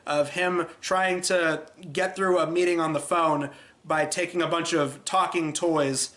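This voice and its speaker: Male film reviewer host, chatty and animated, bright and tense tone. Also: on the high side, measured pace.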